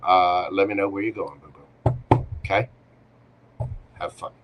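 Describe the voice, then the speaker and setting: A man's voice: low voice, flat delivery, moderate pace, background noise. A man hosting a live tarot Q&A, giving readings in a playful, teasing way with short punchy commands.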